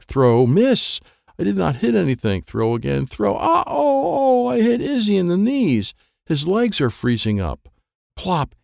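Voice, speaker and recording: A man reading a children's book aloud, lively and playful, with sound effects and character voices. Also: mid-range voice, gravelly, no echo, studio quality. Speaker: audiobook reader.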